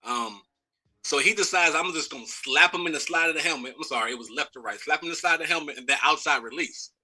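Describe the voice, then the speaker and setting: A man's voice: fairly high pitch, fast, breathy edge, rough recording. An American man in his thirties, a former pro football player, telling a locker-room story in a live interview, acting out quotes and laughing. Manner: lively storyteller who acts out quotes and laughs.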